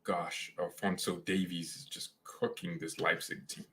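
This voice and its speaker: Brief: male fan host, casual watchalong commentary, lower-pitched but bright and forceful, rambling hot takes. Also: little pitch movement, measured pace. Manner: opinionated, rambling, slangy.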